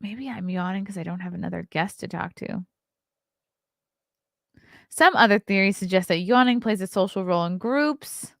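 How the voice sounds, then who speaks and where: Gravelly-voiced woman hosting a livestream. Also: mid-range voice, moderate pace, long pauses, no echo, clean studio sound. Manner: chatty, reads aloud and reacts, yawning. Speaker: host. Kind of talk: casual solo livestream chat.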